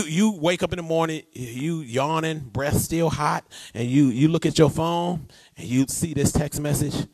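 A man preaching a sermon, animated and conversational, drawing responses from the congregation. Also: fairly high pitch, breathy edge, no room sound. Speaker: pastor.

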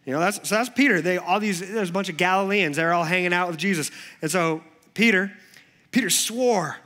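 A man preaching a sermon in church, conversational, moving between animated asides and hushed, earnest passages. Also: sits high, fast. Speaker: pastor.

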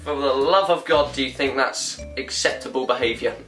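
A woman's voice: extremely low pitch, normal speed, a bit bright. A young British woman ranting comically, exasperated and laughing often. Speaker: vlogger. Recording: roomy echo, distant mic, faint music.

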